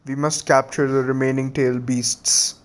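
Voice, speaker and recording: Guy playing a stern old warlord, flat slow delivery, smooth voice. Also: medium pitch, natural voice. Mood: commanding. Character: stern older male warlord, commanding.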